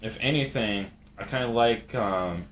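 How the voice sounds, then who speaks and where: A laid-back man hosts a casual live stream, joking with himself and reading viewer messages aloud. He talks slowly in an easygoing way. There is a faint noise in the background. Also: lowish voice, a bit bright. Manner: laid-back, jokey, reads chat aloud.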